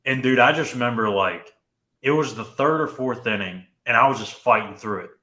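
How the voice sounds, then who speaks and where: A man's voice: medium pitch, lively intonation, fairly quick, bright, forceful tone, echoey room. A young man co-hosting a sports podcast, telling a story casually and often saying "dude" and "like". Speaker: podcast co-host.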